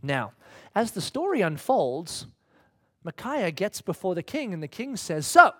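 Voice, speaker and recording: A man's voice: high voice, sing-song, a little slow. A man preaching a sermon in a conversational, humorous storytelling manner.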